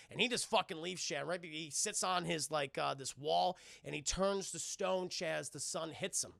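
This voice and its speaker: A man's voice: on the high side, moderate pace, creaky, few pauses, a bit bright, no echo, clean studio sound. A man recapping a cartoon episode on a livestream, swearing freely and talking to his chat throughout. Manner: profane, keeps addressing chat, retells scenes in voices. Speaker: cartoon reviewer streaming to chat.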